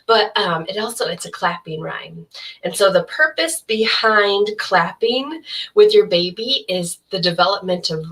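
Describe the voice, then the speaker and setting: A young adult woman librarian leading a baby rhyme session, explaining each rhyme in a slow sing-song way. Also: medium pitch, fairly bright tone. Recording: voice from some distance off the mic.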